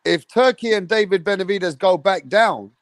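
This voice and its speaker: A man on a boxing talk panel who speaks forcefully and demands his turn to talk. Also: high voice, moderate pace, no room sound, clean studio sound. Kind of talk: heated panel debate.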